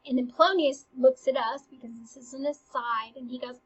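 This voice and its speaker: A woman's voice: high-pitched, fairly even intonation, fairly quick, hardly any pauses, muffled recording. A woman teaching, casually walking through a play scene by scene in a chatty, eager way. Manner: chatty and eager, retells lines with "he's like".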